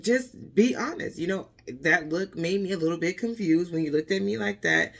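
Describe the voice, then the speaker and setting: A woman's voice: fairly low pitch, brisk, vocal fry, fairly bright tone. A woman giving casual motivational advice in an earnest, emphatic way, repeating her points and often adding "you know" and "okay?". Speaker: motivational vlogger.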